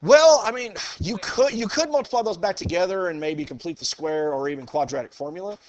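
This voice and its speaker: Upbeat male math teacher, slightly high voice. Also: animated, a little fast, a little mellow. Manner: upbeat, encouraging, thinks aloud. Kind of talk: classroom lecture. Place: classroom.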